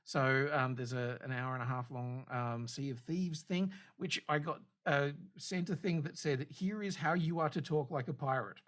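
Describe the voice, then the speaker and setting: A man's voice: medium pitch, moderate pace, few pauses, fairly bright tone. A man co-hosting a podcast in casual chat, rambling and hesitant with dry humor. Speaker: podcast co-host.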